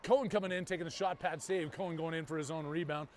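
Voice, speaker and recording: A man calling a youth hockey game live, moving from rapid play-by-play to jokey banter with his co-host. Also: on the high side, fairly even intonation, slight background noise. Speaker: play-by-play commentator.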